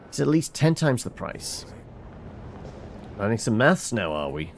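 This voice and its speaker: A man's voice: mid-range voice, lively intonation, normal speed. Guy reading out game dialogue, voice jumps around a lot, bit of hiss behind. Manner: reads all characters, stumbling with fillers.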